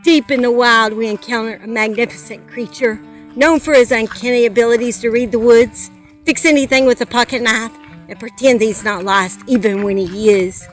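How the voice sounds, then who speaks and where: A hushed, mock-serious wildlife documentary narrator, put on by a woman, delivering everything with dry, solemn gravity and a teasing edge. The voice sits a little high, with soft music underneath. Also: fairly even intonation, moderate pace, lightly acted, rough recording.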